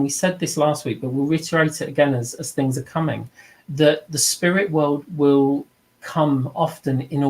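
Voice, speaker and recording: A middle-aged man, a mediumship teacher, gives an informal spoken lesson in a slightly high, mellow voice, though the audio is poor. He comes across as earnest and reflective and slips into the voices of the people he quotes.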